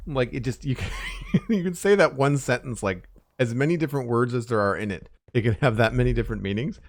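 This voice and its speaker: A man's voice: mid-range voice, lively intonation, a little fast, dry recording. A man streaming a building game and chatting casually with viewers, rambling, with many fillers and restarts. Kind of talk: casual live-stream chat while playing.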